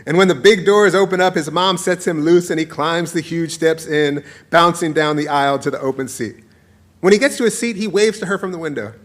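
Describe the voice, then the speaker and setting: A man in his forties reads his own essay aloud, telling it playfully and warmly. He slips into laughter easily, and his voice sits a touch higher than most men's. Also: fairly quick. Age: 40s. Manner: warm, playful storytelling, breaking into laughter. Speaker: author.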